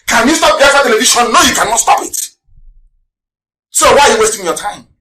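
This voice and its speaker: A man hosting a live radio broadcast, firing rhetorical questions, mocking his critics and breaking into shouts. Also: extremely high pitch, expressive, fairly quick, heavy background noise. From Nigeria. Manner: scornful, mocking. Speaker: broadcast host.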